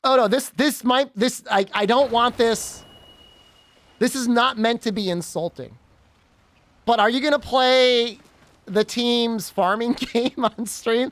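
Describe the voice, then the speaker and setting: A man's voice: very high-pitched, takes it slowly, fairly bright tone, no echo. A man streaming a game, chatting casually and rambling, with frequent giggles and teasing. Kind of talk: casual gaming stream chat.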